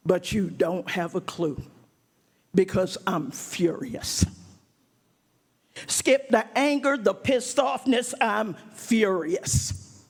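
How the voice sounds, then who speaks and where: A woman performs a spoken word poem in a high, intense voice. She takes her lines slowly and rhythmically, and the delivery builds to raised, forceful moments. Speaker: poet.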